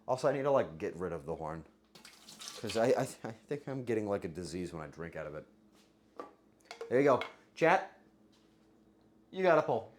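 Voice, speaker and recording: A livestreamer with a voice going hoarse, joking crudely with chat and bursting into yelling. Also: mid-range voice, slight background noise. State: voice getting hoarse. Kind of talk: casual livestream chat with viewers.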